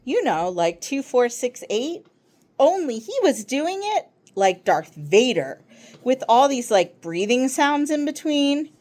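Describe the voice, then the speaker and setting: A woman voicing an excitable, chatty schoolboy who rambles eagerly through a long story. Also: sits high, slow, voice pushed up, exaggerated voice.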